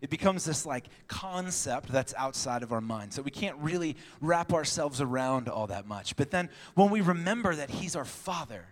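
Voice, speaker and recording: Animated young man preaching in a hall. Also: on the high side, normal speed, hardly any pauses. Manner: animated storytelling, acting out dialogue, laughing often. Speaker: pastor. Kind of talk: sermon with personal stories.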